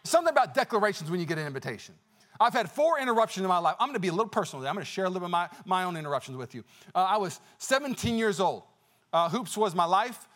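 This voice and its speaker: A male pastor preaching a sermon, telling personal stories with energetic exclamations and a conversational, filler-heavy delivery. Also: high voice, very fast. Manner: conversational with many fillers and restarts.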